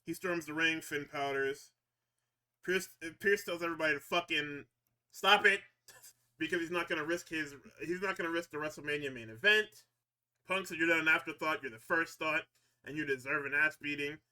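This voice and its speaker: A man recaps wrestling on a podcast, casual and full of swearing, getting excited, laughing a lot and imitating the wrestlers' lines. His voice is on the high side and his pace moderate.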